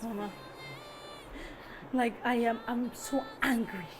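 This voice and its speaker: A woman's voice: on the high side, fairly even intonation, slow, over music. A woman playing a jealous Nigerian daughter. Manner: petulant and complaining. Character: jealous young daughter, petulant and resentful. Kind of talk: Nollywood film acting.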